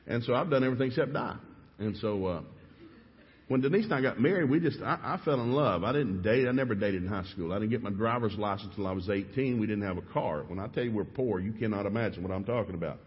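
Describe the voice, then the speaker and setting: A husky, fast-talking Southern man preaching in an East Tennessee accent, his voice sitting in an ordinary middle register. He tells his stories with lively, animated energy. The recording sounds dull and muffled, with a long echo like a large church hall. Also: on the low side. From East Tennessee, USA. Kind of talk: storytelling sermon.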